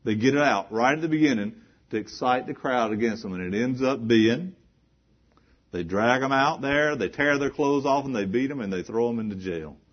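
A male preacher delivering a sermon, swinging between hushed, earnest talk and loud, emphatic preaching, and throwing rhetorical questions at the congregation. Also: fairly low pitch, husky, lo-fi sound.

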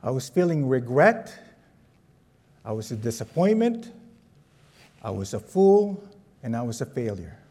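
A man from the Philippines, preaching a sermon with a personal story and asking the audience questions in a lively, conversational way. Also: medium pitch, measured pace, long pauses.

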